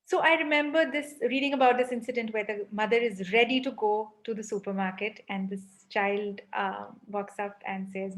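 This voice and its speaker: A woman's voice: medium pitch, steady tone, normal speed, hardly any pauses. A woman parenting coach giving a live online workshop, emphatic and often asking "right?". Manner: emphatic, frequent rhetorical "right?".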